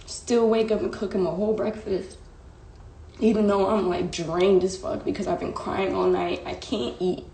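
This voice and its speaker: Gravelly young woman telling a story. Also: medium pitch, a little mellow, a little hiss or hum. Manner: emotional, slangy, rambling with many fillers. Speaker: vlogger. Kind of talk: casual storytime. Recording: echoey room.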